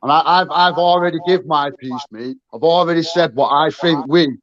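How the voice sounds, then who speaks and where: A man's voice: a little high, normal speed, crowd noise. A man from England arguing heatedly on a livestream call, swearing often and calling everyone "mate". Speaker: livestream guest. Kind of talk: heated casual argument. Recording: muffled lo-fi call audio.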